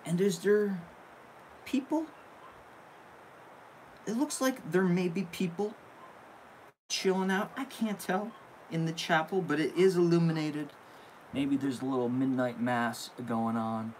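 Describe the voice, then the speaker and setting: A man's voice: a little high, a little slow, pauses often, darkish tone, a little hiss or hum, low-quality recording. A young man hosting a casual live stream, opening viewer mail and gushing with thanks. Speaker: candle channel host.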